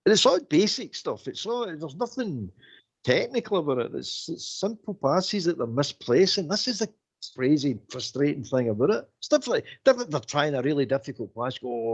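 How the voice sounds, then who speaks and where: A man on a football phone-in, talking in an exasperated, repetitive, animated way. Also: mid-range voice, gravelly, breathy edge. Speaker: phone-in pundit. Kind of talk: casual football chat.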